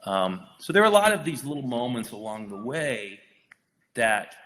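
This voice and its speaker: A man's voice: medium pitch, big pitch swings, moderate pace, fairly bright tone. A male actor, a guest on a podcast, telling a story in casual, profane talk full of restarts. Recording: long reverb hall with faint noise.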